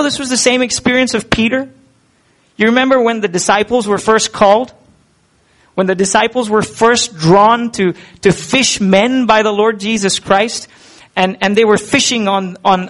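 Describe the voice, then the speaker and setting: A man with a high voice preaches a sermon. He talks earnestly and conversationally, and he keeps asking his listeners questions. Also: fairly bright tone.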